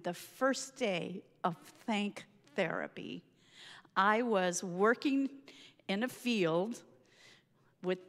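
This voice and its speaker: A woman telling a personal story in a lively, self-mocking way, laughing often. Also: mid-range voice, in a large hall.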